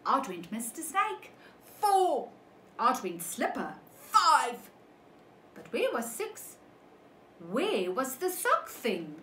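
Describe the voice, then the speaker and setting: Preschool teacher, woman, slow expressive storybook reading, roomy echoey sound. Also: on the high side, a little hiss or hum. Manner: slow, animated, asks children questions. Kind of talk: reading a picture book to young children.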